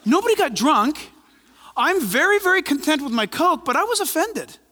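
A male pastor preaching a sermon in an animated, conversational way, with asides and humor. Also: very high-pitched, normal speed, long reverb tail, a little hiss or hum. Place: church.

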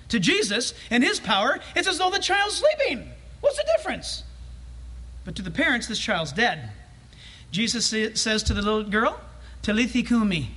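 A male pastor preaching a sermon in a church, animated and humorous, acting out scenes as he tells them. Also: very high voice.

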